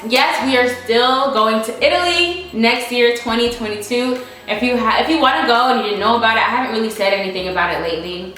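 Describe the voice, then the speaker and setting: A woman's voice: a little high, quick pace, few pauses, pushed and bright, recorded from a distance, slight background noise. A young American woman chatting casually through viewer questions, emphatic and repeating her points for stress. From United States. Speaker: vlogger answering viewer questions. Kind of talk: casual Q&A chat. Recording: very echoey room, faint music.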